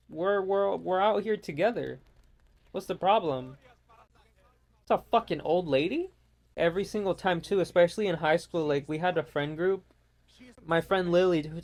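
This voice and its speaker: A young man ranting casually with lots of swearing while commenting over his gameplay. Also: high voice. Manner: profane, exasperated ranting. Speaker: gaming YouTuber.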